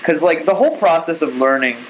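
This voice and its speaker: A man's voice: fairly high pitch, expressive, fast talker, a little hiss or hum, low-quality recording. A man co-hosting a casual chat, rambling with many restarts and acted-out quotes. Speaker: co-host.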